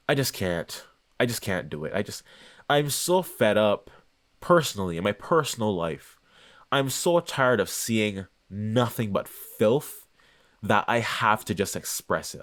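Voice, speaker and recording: A man hosting his own channel, talking in a casual, unscripted monologue that rambles, searches for words and restarts often. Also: lowish voice. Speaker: channel host.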